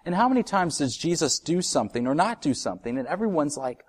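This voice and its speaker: Man preaching with swings from loud to hushed. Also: fairly high pitch, very animated, fast. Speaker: pastor. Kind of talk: sermon.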